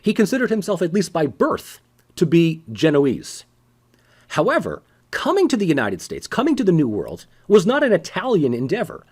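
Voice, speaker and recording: A man's voice: fairly high pitch, huge pitch swings, normal speed, darkish tone, breathy edge. A man giving a casual, conversational political science lecture with sarcastic asides.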